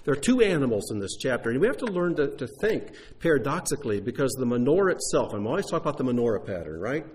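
A man's voice: medium pitch, very animated, fast, a little mellow, slightly rough. A man teaching a sermon in a conversational way, asking the listeners rhetorical questions. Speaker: Bible teacher.

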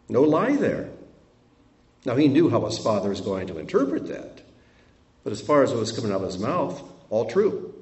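Expressive man teaching from scripture. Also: mid-range voice, normal speed, long pauses. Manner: reads verses aloud with expressive asides. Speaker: Bible teacher. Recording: roomy sound from a distant mic.

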